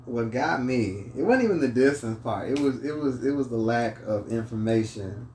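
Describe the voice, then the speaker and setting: A man's voice: mid-range voice, expressive, moderate pace, darkish tone. A man hosting a casual chat over drinks, laid-back and rambling. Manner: laid-back, storytelling with many restarts. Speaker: host. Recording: echoey room, voice from mic distance, faint noise.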